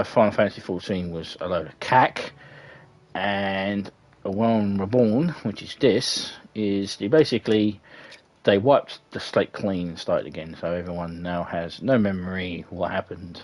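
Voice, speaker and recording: Low-voiced man muttering over gameplay. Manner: mutters asides to himself, casual and wry. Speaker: game streamer. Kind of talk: casual gameplay commentary.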